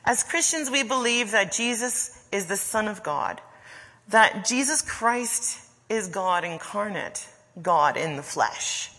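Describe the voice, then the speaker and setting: A woman preaching a sermon, slow and deliberate, with soft trailing endings. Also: mid-range voice, breathy edge, in a large hall.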